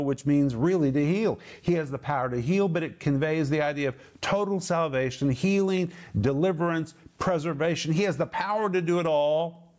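Guy teaching bible verses, kinda high voice, slows down hard on the big words. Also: a little mellow. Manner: emphatic, stretches key words slowly; explains Greek word meanings.

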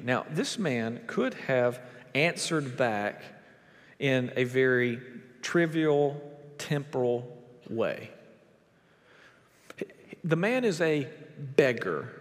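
A man preaching a sermon as a pastor, emphatic, with big swings in pitch and volume. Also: long reverb tail.

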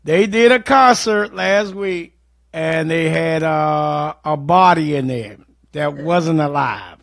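A man gives blunt opinions as co-host of a casual livestream. His voice sits high for a man, and he speaks at an unhurried pace. The sound is dry, with no room echo. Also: a bit bright.

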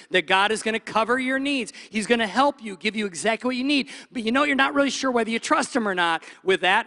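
A pastor preaching a Sunday sermon with animated delivery, acting out doubting inner voices. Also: male voice, extremely high pitch, in a large hall. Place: church stage.

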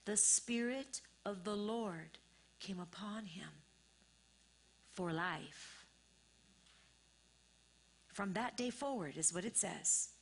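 A woman's voice: mid-range voice, slow, long pauses, slightly rough. A woman pastor preaching a sermon, repeating phrases and building to emphatic, rising bursts.

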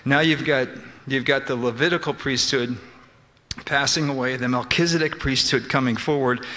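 A man's voice: mid-range voice, fairly even intonation, moderate pace, bright, forceful tone. A man preaching a sermon, explaining scripture in restarting bursts and quoting the figures he talks about. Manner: explains scripture with many restarts and quoted speech. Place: church sanctuary. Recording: long church reverb.

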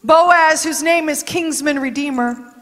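High-voiced woman preaching in a big hall. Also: a little slow. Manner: dramatic, rising to shouts. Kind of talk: sermon. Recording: long reverb in a large hall.

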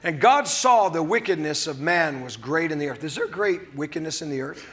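Lively high-pitched preaching man. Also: moderate pace. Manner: exuberant, singing and shouting, then dropping to a hushed voice. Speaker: pastor. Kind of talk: sermon. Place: church service.

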